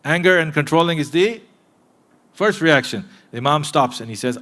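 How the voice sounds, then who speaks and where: A man preaching a sermon in a mosque, earnest and direct with his listeners, moving between emphatic points and hushed asides. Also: fairly high pitch, lively intonation, moderate pace. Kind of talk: sermon to a live congregation.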